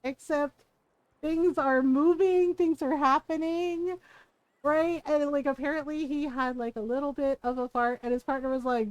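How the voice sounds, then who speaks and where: Brief: high-pitched woman streamer, casual and animated, telling stories with lots of "like". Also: moderate pace, dry recording, lo-fi sound. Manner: animated storytelling, full of "like" and acted quotes. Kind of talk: casual chat while gaming.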